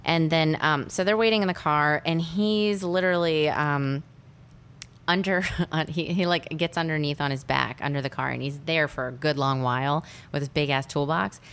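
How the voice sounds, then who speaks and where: Low, smooth-voiced woman, casual rambling movie recap. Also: steady tone, moderate pace, fairly bright tone. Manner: rambling, with many fillers. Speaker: podcast co-host.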